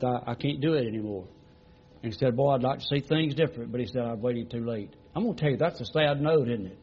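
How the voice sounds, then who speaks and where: A man's voice: mid-range voice, slightly rough, muffled recording. A middle-aged man preaching a sermon as a pastor, retelling conversations in a folksy, repetitive way with many "he said" tags.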